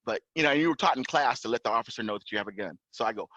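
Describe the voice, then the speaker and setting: A man's voice: mid-range voice, rapid-fire, no echo. A man telling a personal story in casual chat as a podcast guest, acting out other people's lines with a raised voice. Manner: animated, acts out officers' lines in raised voice. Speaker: podcast guest, pilot and entrepreneur. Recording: dull lo-fi dry sound.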